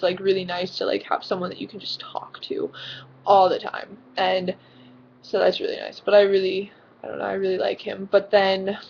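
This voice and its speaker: A woman's voice: mid-range voice, muffled recording, slight background noise. A teenage girl vlogging casually from her bedroom, rambling with lots of fillers and giggles. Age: teens. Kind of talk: casual vlog chat. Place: own bedroom.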